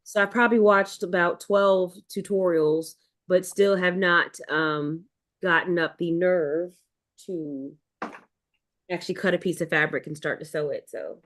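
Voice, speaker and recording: A woman's voice: on the low side, measured pace, a bit bright. A woman hosting a live sewing chat, talking casually and rambling with fillers and restarts. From United States East Coast. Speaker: livestream host.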